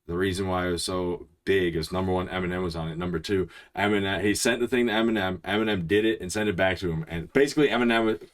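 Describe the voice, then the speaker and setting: A young man hosting a music reaction, explaining things in an excited, rambling way full of restarts. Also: low voice, fast talker, few pauses. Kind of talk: casual reaction commentary.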